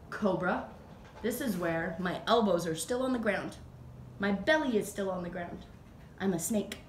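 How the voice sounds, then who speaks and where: A woman teacher guiding children through a slow, playful yoga flow with animal sounds, recorded at home. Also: medium pitch, reverberant, a little hiss or hum. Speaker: Montessori teacher leading kids' yoga. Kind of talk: gentle guided yoga instruction for children. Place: at home, dog nearby.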